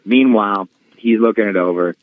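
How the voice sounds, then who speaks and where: A man being interviewed as a guest, telling a story in a lively, casual way and slipping into others' voices. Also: lowish voice, normal speed, dry recording. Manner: animated storyteller who acts out voices. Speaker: guest wrestler. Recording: dull dry studio sound.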